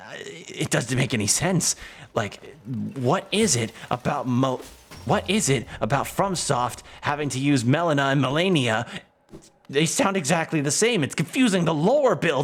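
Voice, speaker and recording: A man's voice: fairly high pitch, animated, normal speed, slightly rough, voice pushed up. A man voicing a jittery, over-caffeinated man obsessed with game lore, talking in a frantic, whiny way.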